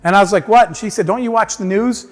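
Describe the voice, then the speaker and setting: Male keynote speaker, animated storyteller, fairly high voice, reverberant conference hall. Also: fast talker. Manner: animated storyteller acting out dialogue.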